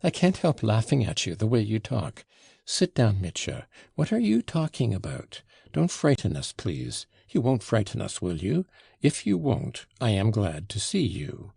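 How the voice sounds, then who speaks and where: A man's voice: on the low side, huge pitch swings, unhurried, creaky, dark tone, husky, dry recording, studio quality, exaggerated voice. A man voicing an impatient, teasing young woman who scolds and insists. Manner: reproachful and insistent.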